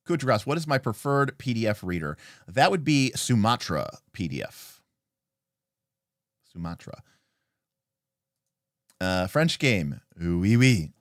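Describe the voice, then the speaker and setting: Hosting a livestream, this man casually flips through a tabletop role-playing game book and answers chat, thinking aloud with lots of fillers and restarts. His pitch is medium, and the sound is clean studio audio with no room sound.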